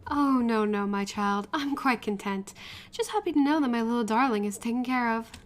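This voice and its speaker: A woman's voice: on the high side, moderate pace, close to an everyday voice. A woman voicing a stern, doting old Russian mother from a dating game, speaking formally.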